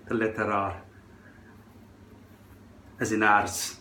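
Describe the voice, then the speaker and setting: A man's voice: on the low side, flat delivery, drawn-out words, pushed and bright, roomy sound, slight background noise. A man doing a playful put-on Scottish accent, swearing now and then, while casually explaining how to attach a hairpiece in front of a mirror at home. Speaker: hairpiece vlogger.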